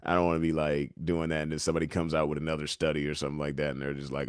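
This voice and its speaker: A man's voice: rumbling low, completely flat delivery, racing, few pauses, smooth, dry recording, studio quality. A young man hosting a casual livestream, reading the chat and memes aloud, joking and laughing often in a laid-back way. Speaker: livestream host.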